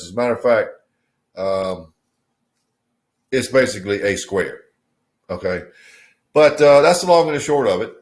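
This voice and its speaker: A man casually reviewing a cigar on his video channel, in a relaxed, musing way with many fillers. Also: medium pitch.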